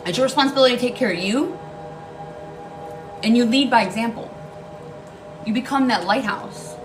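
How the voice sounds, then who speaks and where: A woman's voice: a little high, normal speed, over music, rough recording. A woman giving a casual tarot reading, blunt and emphatic, swearing freely and repeating key lines for emphasis. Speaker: tarot card reader.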